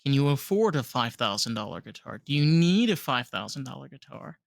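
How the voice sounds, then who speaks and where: A man's voice: medium pitch, big pitch swings, fairly quick, gravelly, no room sound, studio quality. A man hosting a podcast, talking casually with lots of fillers and sarcastic asides. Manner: rambling, filler-heavy, sarcastic. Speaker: podcast host. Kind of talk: casual interview chat. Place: South Florida.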